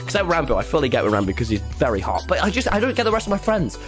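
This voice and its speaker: An excitable young man talks on a livestream, his voice high and bouncing wildly up and down. He is loud and swears freely. Music plays behind him. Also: rapid-fire. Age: young adult. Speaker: streamer. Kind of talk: casual livestream chat.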